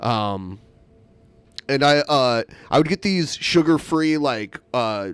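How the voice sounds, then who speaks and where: A man's voice: medium pitch, lively intonation, takes it slowly, clean tone, no room sound. A man co-hosting a podcast in casual chat, rambling with many fillers and laughing easily. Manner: rambling, lots of likes and uhs, laughs easily. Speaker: podcast co-host.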